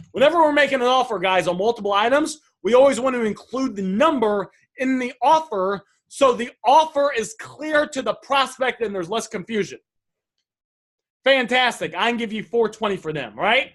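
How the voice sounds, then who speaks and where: A man's voice: very high voice, lively intonation, moderate pace, a bit bright. A man coaching viewers on sales messages, enthusiastic and repetitive, often addressing them as guys.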